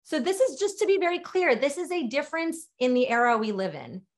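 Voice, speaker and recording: A woman's voice: high-pitched, animated, a little fast. A middle-aged woman leading a webinar on sales writing, talking in an emphatic, direct and conversational way. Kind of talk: webinar training talk.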